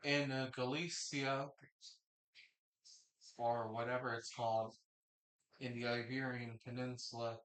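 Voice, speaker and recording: A man's voice: mid-range voice, level tone, unhurried, pauses often, a bit bright, echoey room. A man chatting casually and rambling through a live game reaction while he eats. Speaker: live sports reaction streamer.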